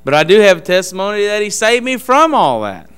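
A man giving an earnest testimony in a church service, speaking in a halting, emphatic preaching style. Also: sits high, big pitch swings, a bit bright, smooth.

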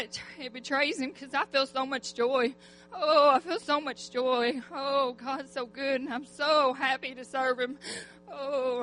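A high-voiced middle-aged woman speaks before a church congregation, giving her testimony. Her delivery is heartfelt and fervent, full of sighing "oh"s. Faint music sits quietly behind her. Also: steady tone, unhurried.

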